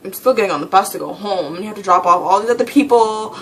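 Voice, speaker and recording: A woman's voice: medium pitch, quick pace. A teenage girl ranting casually in a vlog, rambling and exasperated, often laughing. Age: teens. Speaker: vlogger.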